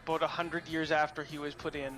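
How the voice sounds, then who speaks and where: A laid-back man chats through his character at a game table, voice slightly higher than average. He is easygoing and quick to laugh. Clear music plays in the background. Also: flat delivery, fairly bright tone. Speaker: player. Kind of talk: casual chat at a game table.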